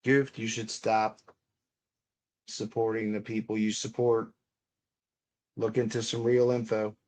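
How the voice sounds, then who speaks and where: A man's voice: lowish voice, level tone, measured pace, a little mellow. A young man hosting a livestream, chatting in a rambling, offhand way full of casual swearing. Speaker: livestream host.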